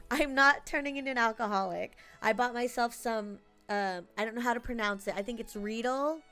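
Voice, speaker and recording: A woman's voice: a little high, moderate pace, bright, forceful tone, clean tone, soft background music. A woman streamer chatting casually with her live chat, laughing often and thanking viewers by name.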